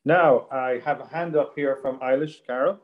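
A man's voice: medium pitch, normal speed, muffled recording. A man moderating a video-call Q&A with a friendly, hesitant manner full of fillers. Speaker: moderator reading out questions.

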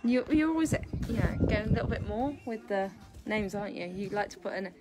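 A woman's voice: mid-range voice, animated, fairly quick, loud music behind the voice. A woman, a dance teacher, chatting casually outdoors on a live stream and laughing often.

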